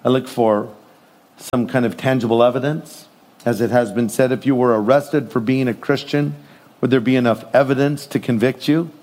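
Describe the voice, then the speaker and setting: A middle-aged man preaching a sermon in an animated way, acting out voices as he tells stories and jokes. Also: medium pitch. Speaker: pastor.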